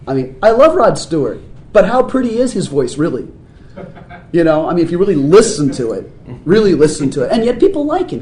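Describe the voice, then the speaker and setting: A man being interviewed as a musician guest, telling stories in a lively way and laughing often. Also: a little high, slight background noise. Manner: animated storyteller, laughs often. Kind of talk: casual interview talk. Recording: roomy echoey room sound.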